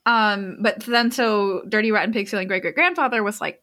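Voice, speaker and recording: A woman's voice: medium pitch, expressive, fast talker, hardly any pauses, fairly bright tone. A woman casually retelling a story to a friend, full of fillers and self-corrections.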